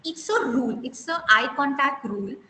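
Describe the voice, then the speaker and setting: A woman runs a live online interview skills lecture, quizzing students and stressing important words as a soft skills trainer. Her voice is high-pitched, expressive, pushed and bright, at a normal speed. Expect an echoey room, long reverb, and faint hiss.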